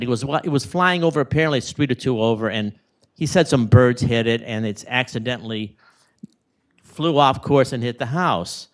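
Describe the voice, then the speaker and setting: Man, memorial service speaker, rambling funny stories, lively, retirement community room. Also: medium pitch, normal speed. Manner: rambling, animated anecdotes with acted-out quotes. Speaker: neighbor giving a eulogy.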